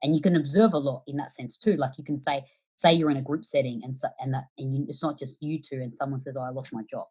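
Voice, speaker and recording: A woman guest on a podcast giving casual conversational advice, animated and acting out quoted reactions, swearing now and then. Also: rumbling low, quick pace, breathy edge, low-quality recording.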